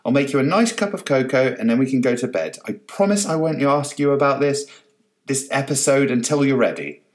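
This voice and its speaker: A man voicing an exasperated, sharp-tongued middle-aged wife, who scolds in a shrill voice. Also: lively intonation, brisk. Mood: coaxing.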